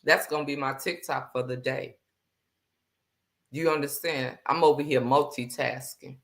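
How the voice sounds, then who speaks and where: A woman's voice: rumbling low, steady tone, moderate pace. A woman hosting a faith livestream, talking candidly and bluntly with slang, greeting viewers as she goes. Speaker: livestream host.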